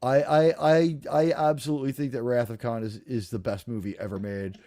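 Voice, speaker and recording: A man's voice: medium pitch, steady tone, a little fast, dark tone, no echo. A man hosting a casual live review chat, enthusiastic and jokey, rambling through his points. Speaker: podcast host. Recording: dry close-mic sound.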